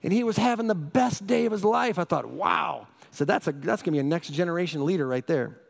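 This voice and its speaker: A middle-aged male pastor preaching a sermon, energetic and often asking the congregation questions. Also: sits high, brisk, gravelly.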